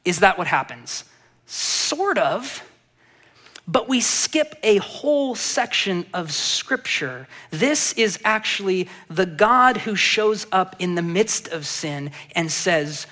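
A male pastor delivering a sermon, moving from quiet reflective passages to animated emphasis and asking the congregation rhetorical questions. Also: sits high, measured pace.

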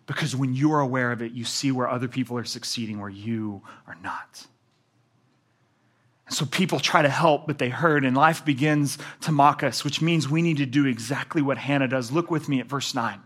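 A man preaching a sermon, animated, swinging between loud emphatic passages and low quiet ones. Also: normal speed. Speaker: pastor.

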